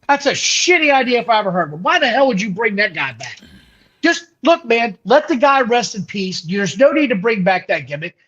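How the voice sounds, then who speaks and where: A high-voiced male host giving blunt, profane opinions on wrestling. His pitch leaps around animatedly, and the audio is dull and lo-fi. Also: fairly bright tone. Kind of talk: casual wrestling podcast chat.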